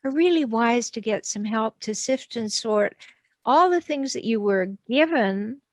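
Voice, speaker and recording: Higher-pitched woman explaining, dry sound. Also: measured pace, no echo. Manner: animated, acts out quoted voices. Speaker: relationship expert guest. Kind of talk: explanatory interview talk.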